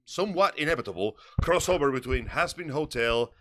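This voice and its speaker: A man co-hosting a live pop culture stream, spinning deadpan, absurd jokes and introducing news in an animated way. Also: medium pitch, a little fast. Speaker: podcast co-host. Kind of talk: casual live-stream chat.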